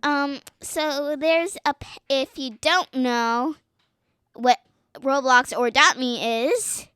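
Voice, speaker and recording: Speaking slowly in a high, slightly bright voice, a young girl chats playfully as a podcast guest, giggling and attempting silly accents. The podcast mic recording is dry and studio-clean.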